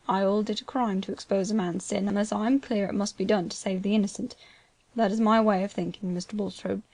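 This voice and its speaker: A woman voicing a grave, gentle, plain-spoken older male land agent, speaking quietly, slowly and solemnly. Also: mid-range voice, no room sound, natural voice. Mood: firm.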